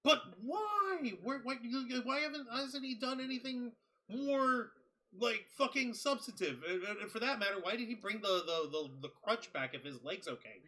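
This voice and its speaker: High bright-voiced incredulous man. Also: lively intonation. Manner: incredulous, profane, quick questions. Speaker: podcast co-host. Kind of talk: casual wrestling review chat.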